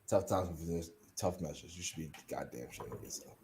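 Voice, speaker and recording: Lower-voiced man, relaxed and swearing. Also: a little fast, slight background noise. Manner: relaxed, drifting, swears a lot. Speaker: podcast co-host. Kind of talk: casual chat.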